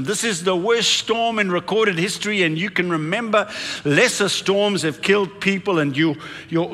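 A man's voice: high voice, sharp tone, long reverb tail. A man preaching a sermon with dramatic build-ups, leading the congregation to repeat lines after him.

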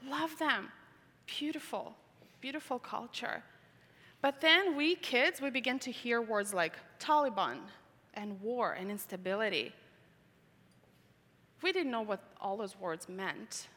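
Bright-voiced woman testifying in a hall. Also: fairly high pitch, measured pace, long pauses. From Tajikistan. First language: not English. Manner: earnest storytelling, repeats words for emphasis. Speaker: speaker giving testimony. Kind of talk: personal testimony talk. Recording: reverberant large hall.

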